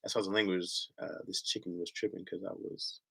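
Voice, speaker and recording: A man's voice: deep voice, level tone, brisk, gravelly, a bit bright, slightly rough. A man with a Michigan accent hosting a livestream, chatting casually in a slangy, rambling way and laughing often. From Lansing, Michigan, US. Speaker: livestream host.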